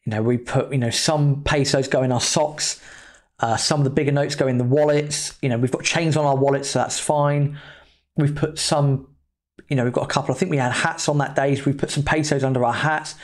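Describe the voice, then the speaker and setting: A man's voice: medium pitch, steady tone, fairly quick. Chatty man telling a story. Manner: chatty, loose, with mild swearing. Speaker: podcast host. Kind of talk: casual anecdotal storytelling.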